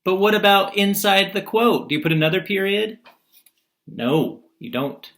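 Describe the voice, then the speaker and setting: A man's voice: high-pitched, expressive, normal speed, fairly bright tone. A male teacher recording a video lesson, asking his class questions and answering them himself, and acting out quotes in different voices.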